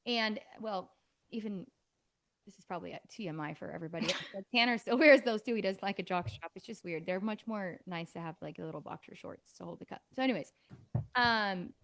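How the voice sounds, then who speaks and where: A chatty woman in her thirties, co-hosting a casual podcast. Her voice is bright and forward, and she tells long rambling stories full of "like" and "um". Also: medium pitch, a little fast. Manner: chatty, storytelling with many fillers. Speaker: podcast co-host. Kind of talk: casual chat.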